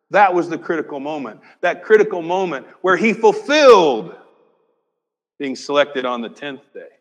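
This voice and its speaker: Male pastor, slow deliberate sermon, slightly high voice, long church reverb. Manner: dramatic shifts between loud emphasis and near-whispers; acts out dialogue with rhetorical questions. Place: church sanctuary.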